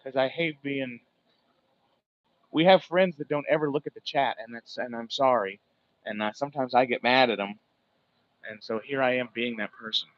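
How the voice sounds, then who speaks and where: A man's voice: medium pitch, moderate pace, long pauses, muffled recording. A man from Alaska hosting a casual livestream while whittling, telling stories in a rambling, profane way. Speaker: livestream host. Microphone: phone set far from him.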